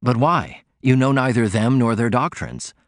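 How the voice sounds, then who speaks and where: A man's voice: mid-range voice, moderate pace, dry recording, studio quality, natural voice. A man reading as a defiant, cutting young working man. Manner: pointed, argumentative.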